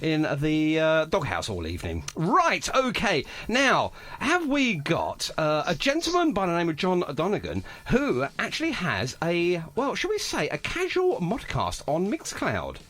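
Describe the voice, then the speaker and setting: A man's voice: a little high, huge pitch swings, measured pace, few pauses, a bit bright. A man hosting a casual live radio show from a home studio, chatty and jokey, laughing often. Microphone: home studio microphone.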